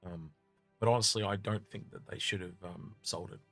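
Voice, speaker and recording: A man's voice: sits low, steady tone, normal speed, a bit bright, soft background music. An Australian man co-hosting a casual Q&A chat, hedging and thinking aloud with lots of fillers. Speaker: podcast co-host.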